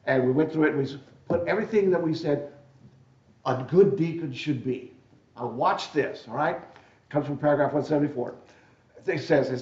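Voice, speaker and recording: A man's voice: medium pitch, darkish tone. A man giving a conference keynote in a folksy way, repeating words and checking in with "right?" and "okay?". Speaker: keynote speaker at a deacon assembly. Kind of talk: conference talk. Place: lecture hall. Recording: roomy hall, dull sound.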